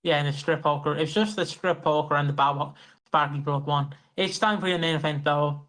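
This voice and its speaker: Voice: medium pitch, steady tone, a little fast, fairly bright tone. Co-host rambling about old wrestling shows, swears, hums theme tunes. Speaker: podcast co-host. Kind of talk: casual wrestling podcast chat.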